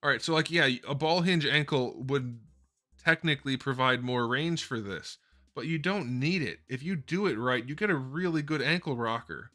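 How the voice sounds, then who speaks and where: Answering viewer questions on a relaxed live stream, a man rambles and corrects himself as he speaks into a desk mic. His voice is mid-range, expressive and sharp in tone, moving at a moderate pace over faint background music.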